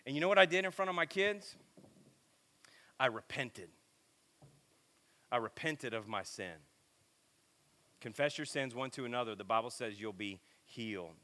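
A middle-aged man preaching a sermon in a casual, animated, self-deprecating storytelling way. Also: on the high side, a little fast, pauses often. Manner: animated, self-deprecating, lots of filler and repeats.

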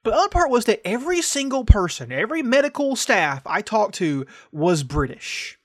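A man's voice: high-pitched, sing-song, normal speed. A young man from the United States co-hosting a casual podcast chat, ranting sarcastically and swearing often. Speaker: podcast co-host.

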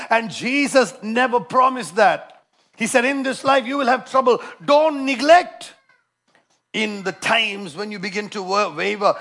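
A man preaches a passionate sermon in a high voice with a rough, gravelly edge. He drives some lines home loudly and drops to a near hush to tell his stories. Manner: impassioned preaching, swinging between loud emphasis and hushed storytelling.

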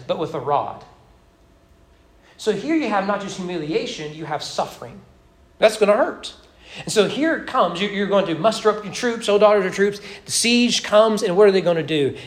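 A man preaching at an evening church service, his voice sitting a little above the usual male range. He talks conversationally, throwing in wry asides and often restarting his sentences as he works through the text. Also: high voice. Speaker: pastor. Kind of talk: expository sermon. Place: church sanctuary during evening worship.

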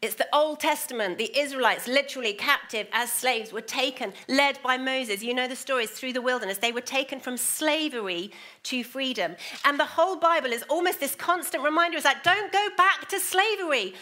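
A woman delivering a sermon in a fairly high, bright voice. She drops to a near whisper for quiet asides, then rises into lively, emphatic bursts. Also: a little fast. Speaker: preacher.

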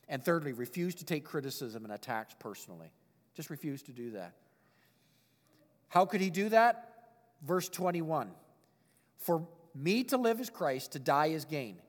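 A man preaching a sermon, reading scripture aloud and adding his own expressive comments. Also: medium pitch, a little fast, long reverb tail. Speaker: pastor.

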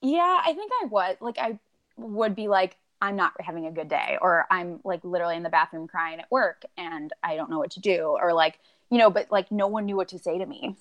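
A woman guest on a podcast talks casually and at length, full of "like"s and "um"s, acting out lines she remembers saying. Her voice is fairly low and fairly bright, and she speaks briskly on dull-sounding audio.

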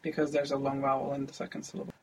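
A man learning Arabic, giving short, quiet answers to his teacher's questions. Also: medium pitch, completely flat delivery, rapid-fire, a little hiss or hum. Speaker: language student.

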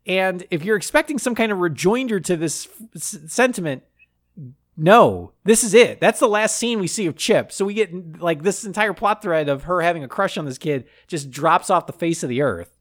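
A man's voice: high voice, expressive, normal speed, a bit bright. A man co-hosting a comedy podcast, casually recapping a movie and riffing with jokes. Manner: jokey, riffs with silly voices for characters.

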